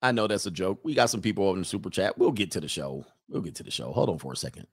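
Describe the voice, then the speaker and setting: A man hosting a live stream in casual, slangy commentary, animated, laughing often and mocking people in put-on voices. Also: low voice, quick pace, slightly rough, no echo, clean studio sound. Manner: laughs often mid-sentence.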